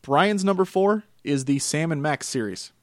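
A man co-hosting a gaming podcast, chatting casually and telling animated stories with frequent laughter. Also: a little high, moderate pace, no room sound, studio quality. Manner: laughs often, animated storytelling. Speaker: podcast co-host. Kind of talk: casual chat about games.

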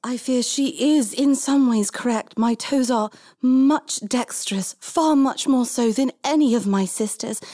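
A woman's voice: a little high, warm tone, voice pushed up, close to an everyday voice. A woman voicing a coquettish young noblewoman. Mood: coy. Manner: slow, coquettish, halting.

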